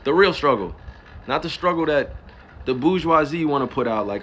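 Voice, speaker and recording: A man's voice: on the high side, expressive, moderate pace, vocal fry, a little hiss or hum. Emphatic cursing man from New Jersey. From Newark, New Jersey. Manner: emphatic, profane, rhetorical questions. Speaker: livestreamer and pro athlete. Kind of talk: casual livestream rant.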